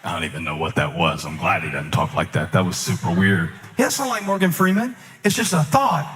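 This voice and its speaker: A man preaching a sermon as a pastor, swinging between loud, sing-song peaks and hushed, low asides, with touches of humor. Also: big pitch swings, brisk, in a large hall, noisy background.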